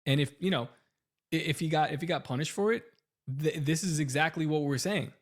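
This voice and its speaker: A man's voice: on the high side, a little fast. Ranting man podcast co-host. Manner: heated, rising into loud ranting. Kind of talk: casual podcast rant.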